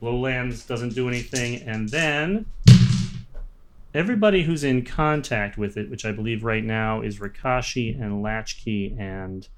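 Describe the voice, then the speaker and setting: Male game master narrating with frequent pauses. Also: medium pitch, a bit bright, a little hiss or hum. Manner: hesitant, lots of ums and uhs.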